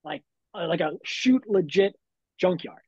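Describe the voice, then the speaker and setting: A man with a fairly high, slightly husky voice tells rambling stories with plenty of "like"s. The sound is dry and a bit muffled. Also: lively intonation, unhurried, darkish tone, no room sound. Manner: laid-back storytelling, lots of fillers. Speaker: wrestler guest. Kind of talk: casual podcast chat.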